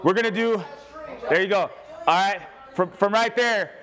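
At a moderate pace, a man with a highish voice leads a church group activity. Lively and humorous, he keeps calling out to the crowd.

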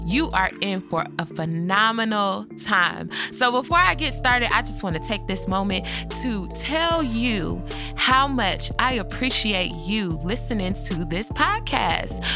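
A woman hosting her own podcast in a casual monologue. She talks to her listeners as "sis" and "y'all" and keeps checking in with them by asking "okay?". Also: fairly high pitch. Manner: chatty and encouraging, often checking in with "okay?". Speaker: podcast host.

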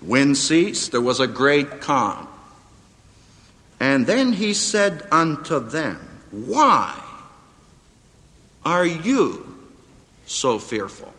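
A man preaching a sermon to a live audience, with dramatic emphasis that rises to near-shouts on quotes. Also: a little high, big pitch swings, slow pace, long pauses. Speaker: preacher and seminary professor. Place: auditorium before a live audience. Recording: hall reverb, radio broadcast.

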